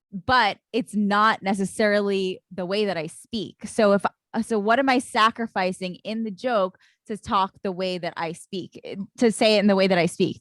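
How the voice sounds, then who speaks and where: A woman comedian hosts a casual chat, musing aloud and circling back as she works through her thoughts. Her voice is mid-pitched and sounds dry and close to the mic. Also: no echo. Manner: thinks aloud, hesitant, many restarts. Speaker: comedian, podcast host.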